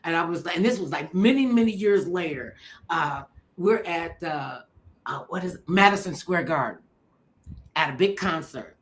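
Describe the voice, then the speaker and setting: A middle-aged woman hosting a chat, telling funny stories in an animated way and acting out what people said. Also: fairly low pitch, moderate pace. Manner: animated, laughing storyteller who acts out quotes. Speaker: show host. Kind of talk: storytelling chat.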